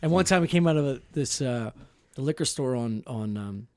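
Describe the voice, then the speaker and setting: A man's voice: medium pitch, lively intonation, a little fast, a little mellow, dry recording, clean studio sound. A man in his thirties telling profane, rambling stories on a podcast, often restarting his sentences. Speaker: podcast guest storyteller. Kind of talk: casual podcast chat.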